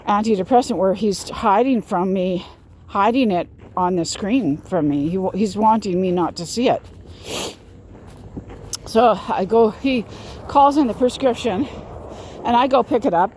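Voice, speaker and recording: A woman's voice: mid-range voice, unhurried, dark tone, a little hiss or hum. A woman vlogger recounting a personal experience in an emphatic, repetitive way, often restarting her sentences. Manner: emphatic, repeats herself, frequent restarts. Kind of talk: casual storytelling to camera.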